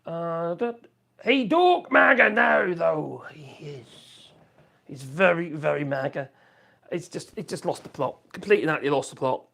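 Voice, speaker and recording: A man's voice: fairly high pitch, expressive, moderate pace, creaky, sharp tone. A man chatting casually on a live stream from his home office, rambling and reacting to viewer comments. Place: home office room with wood burner.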